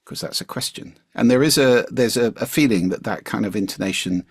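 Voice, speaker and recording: A man being interviewed as a communication coach, explaining his points in an articulate, measured way. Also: medium pitch, breathy edge, no echo, studio quality. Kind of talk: interview conversation.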